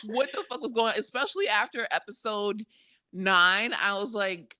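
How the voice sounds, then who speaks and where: A woman's voice: mid-range voice, normal speed, sharp tone, no room sound, studio quality. A woman from South Florida co-hosting a podcast, chatting casually in a playful, jokey way and laughing into her words. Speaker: podcast co-host. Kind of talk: casual chat.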